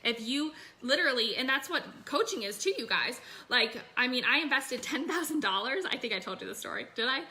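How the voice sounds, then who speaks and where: A woman's voice: on the high side, a little fast, few pauses, pushed and bright. A woman business coach talking casually and energetically to her online group from her phone, full of fillers and "you guys".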